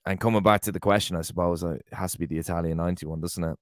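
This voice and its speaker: A man co-hosting a casual podcast, giving measured opinions full of "you know" and repeated words. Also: low-pitched, fairly even intonation, no room sound, clean studio sound. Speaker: podcast co-host.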